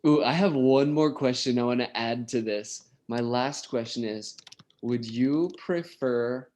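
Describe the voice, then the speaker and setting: A man teaching an English class online, slowly asking students questions and encouraging them to answer. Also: mid-range voice, a little mellow.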